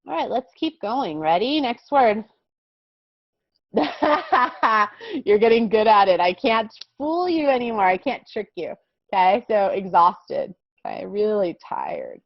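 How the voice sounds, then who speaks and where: Slow patient kindergarten teacher woman. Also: mid-range voice, big pitch swings, no room sound. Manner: slow, patient, sing-song teacher talk with frequent "okay?" checks. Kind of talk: online vocabulary lesson for young children. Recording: dull lo-fi sound.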